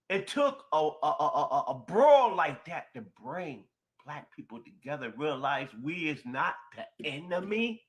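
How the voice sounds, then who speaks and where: A man telling a personal story in an emphatic, expressive way, going from quiet to loud. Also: fairly high pitch, unhurried. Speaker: storyteller in a shared video.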